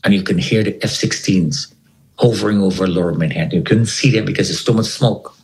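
A man's voice: sits low, a little fast, vocal fry, a little mellow, rough recording. A man telling a gripping personal story as an interview guest, retelling it dramatically and repeating words for effect. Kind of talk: animated spoken storytelling.

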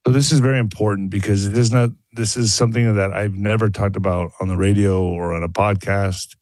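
A man, a former boxer, guest on a radio interview, telling a personal story in a halting way with many restarts. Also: on the low side, fairly even intonation, darkish tone, dry recording. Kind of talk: candid phone-in interview.

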